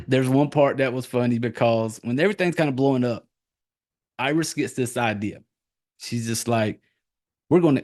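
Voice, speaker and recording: A man talks casually on a podcast, his delivery loose and rambling, with swearing scattered through it. His voice sits at an ordinary middle pitch, but when something worked him up he jumps sharply higher. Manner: rambling, profane, animated retelling with sudden high-pitched jumps. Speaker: podcast host reviewing a horror film.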